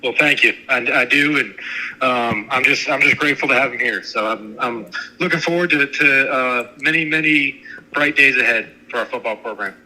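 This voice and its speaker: A man, a university director of athletics, answering radio interview questions in an earnest, halting way. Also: medium pitch, bright, forceful tone, poor audio. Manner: earnest, halting, repeats himself.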